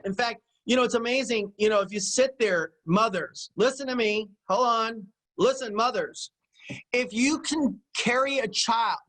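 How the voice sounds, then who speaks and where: A man's voice: sits high, bright, forceful tone, low-quality recording. A middle-aged man giving a motivational business teaching talk, emphatic and repetitive, often checking in with his listeners. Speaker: business coach.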